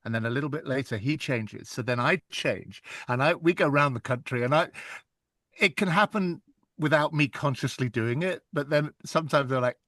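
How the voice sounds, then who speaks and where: A man, an audiobook narrator chatting in an interview, telling stories in a lively, animated way. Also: mid-range voice, normal speed, no room sound, studio quality. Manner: chatty, animated storytelling with laughs. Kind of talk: casual interview chat.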